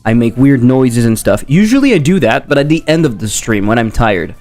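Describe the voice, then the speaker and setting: A man's voice: mid-range voice, sing-song, brisk, a little mellow, soft background music. A man with a French accent, a game developer chatting casually on a livestream, rambling and joking as he reads chat aloud.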